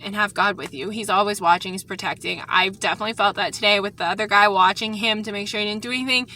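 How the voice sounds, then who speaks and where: A woman's voice: medium pitch, fairly even intonation, fast talker, pushed and bright. A woman vlogger earnestly recounting an unsettling encounter in a rambling, casual way and warning viewers to be careful. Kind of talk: casual storytime vlog.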